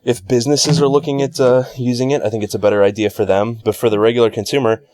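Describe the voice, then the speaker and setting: A man's voice: mid-range voice, little pitch movement, fast talker, a little mellow, no echo. A man appearing as a guest on a casual tech podcast, blunt and joking.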